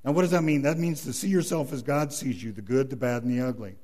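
A man's voice: medium pitch, quick pace, warm tone. A man preaching a sermon as pastor, emphatic, quoting scripture and telling a joke story.

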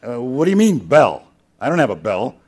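An exasperated male customer at a pet store, complaining that his purchase does nothing, as a preacher puts him on. The voice sits in an ordinary middle pitch and stays insistent. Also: sing-song, moderate pace, darkish tone, breathy edge.

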